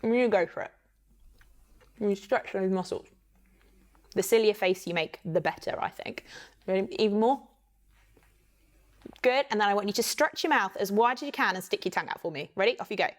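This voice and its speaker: An English woman teaching children a singing warm-up online, counting along and encouraging them. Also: mid-range voice, moderate pace, pauses often.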